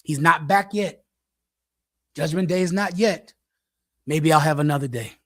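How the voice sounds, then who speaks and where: Forceful preacher man, dry close sound. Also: fairly high pitch, a little slow, no echo. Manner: forceful, repetitive, acts out an addict's pleading. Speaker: teacher leading a scripture breakdown. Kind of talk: preaching commentary on scripture.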